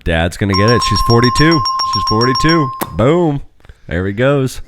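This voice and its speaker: A man's voice: medium pitch, big pitch swings, moderate pace, heavy background noise. A man hosting a casual family podcast, loose and jokey as he runs the segments. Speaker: podcast host.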